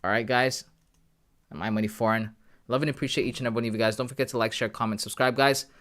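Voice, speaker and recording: A man's voice: mid-range voice, steady tone, fast talker, a bit bright. A man from Canada hosting a live trading stream, talking casually and with hype, often calling his viewers guys. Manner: chatty, hyped, calls viewers bro and guys. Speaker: trading livestream host.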